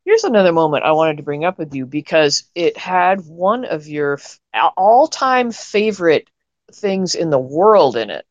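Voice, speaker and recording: A woman's voice: lowish voice, sing-song, normal speed, no echo, dull audio. A woman co-hosting a podcast, chatting casually and rambling with fillers and teasing asides. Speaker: podcast co-host. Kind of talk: casual chat about a soap opera.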